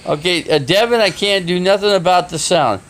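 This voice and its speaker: A man live streaming from his phone, flustered and swearing as he talks in a casual, halting way. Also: sits high, a bit bright. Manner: flustered, swearing, restarting sentences.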